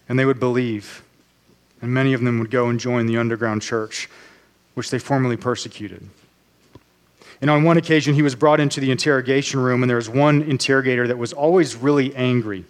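A man preaching a sermon as pastor, earnest and measured, slowing down on key phrases. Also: medium pitch, steady tone.

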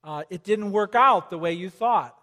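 High-voiced pastor preaching in a reverberant hall. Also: male voice, normal speed. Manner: animated, conversational, swings from loud emphasis to quiet. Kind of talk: sermon. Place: church hall with congregation.

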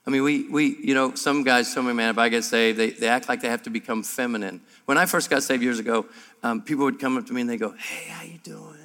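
A pastor delivers a sermon with bright, forceful energy and a humorous streak. He talks to a live room of men, and the sound rings out with a long reverb. His voice sits at a middling pitch for a man. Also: fairly even intonation, fast. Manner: emphatic, humorous, gets louder and higher as he builds. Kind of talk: sermon at a men's breakfast. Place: large room before an audience.

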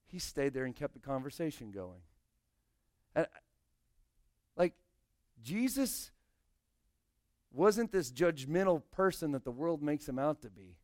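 A man's voice: fairly high pitch, big pitch swings, measured pace, pauses often, a little mellow, no echo, clean studio sound. A male pastor preaching a sermon, explaining scripture and speaking directly to his congregation.

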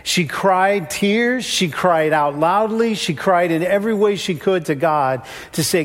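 A man's voice: lively intonation, unhurried, hardly any pauses. A man preaching a sermon in a conversational way, changing his voice when he quotes others. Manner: conversational, shifts pitch when quoting. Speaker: pastor. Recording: long reverb of a church hall.

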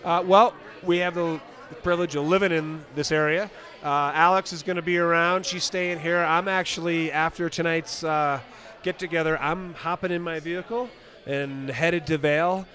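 A man's voice: fairly high pitch, steady tone, normal speed, pushed and bright. Encouraging ski coach, a man. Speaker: ski coach and exam selector. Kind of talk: outdoor interview.

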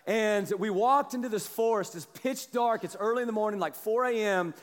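A man preaching a sermon as a pastor, telling a story with animated energy and a slight cough. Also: sits high, normal speed, big-room sound. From Kansas, US. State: has a cough.

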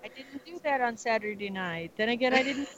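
A woman's voice: on the high side, a little fast, fairly bright tone, a little hiss or hum. A woman telling a long anecdote in casual chat, laughing often as she goes. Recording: dull lo-fi audio.

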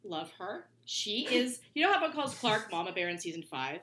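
A woman's voice: medium pitch, big pitch swings, brisk, a bit bright, a little hiss or hum, poor audio. A woman guest on a podcast, chatting and telling long anecdotes. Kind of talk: casual chat.

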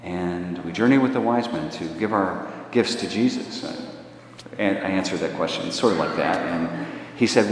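A man with a very low voice tells a story from the pulpit in a relaxed, conversational way. His pitch climbs when he presses a point. The sound rings through a large, reverberant hall with faint noise behind. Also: normal speed. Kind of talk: preaching story and reflection. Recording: echoey hall with long reverb.

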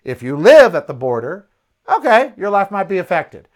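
A man's voice: high voice, moderate pace. A gay man hosting his own podcast, telling a story from his day and acting out the exchanges, then ranting with indignation about politics. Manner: animated storytelling, acts out quoted exchanges. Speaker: podcast host. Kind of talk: casual opinion monologue.

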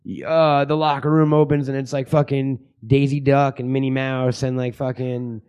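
A man's voice: mid-range voice, flat delivery, moderate pace, a little mellow, smooth, highs cut off. A man co-hosting a podcast, crude and rambling as he riffs on absurd ideas. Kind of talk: crude casual banter.

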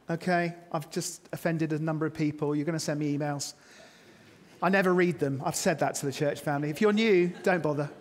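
Guy preaching in a church, kinda high voice, jokey asides, big hall echo. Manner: chatty, self-mocking asides to the congregation. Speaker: pastor. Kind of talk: sermon. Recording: long reverb of a church hall.

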